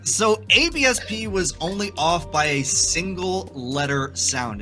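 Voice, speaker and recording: Upbeat male trivia host, lively and playful delivery. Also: sits high, measured pace, hardly any pauses, soft background music. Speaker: trivia game show host. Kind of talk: live-streamed trivia hosting.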